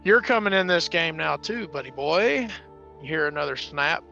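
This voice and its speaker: A man playing a tabletop game who takes over as villain, gloating slowly. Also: a little high, lively intonation, creaky, sharp tone, dull audio, faint music behind. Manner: slow, gloating delivery. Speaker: player taking over as villain. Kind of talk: tabletop role-play.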